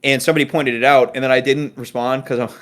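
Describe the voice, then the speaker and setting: A man from New England chatting as a podcast co-host. He rambles and breaks off his sentences to restart them, with a playful, offhand tone. His voice sits at an everyday middle pitch. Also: steady tone, fast, fairly bright tone. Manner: rambling, self-interrupting, playful. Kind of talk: casual podcast chat.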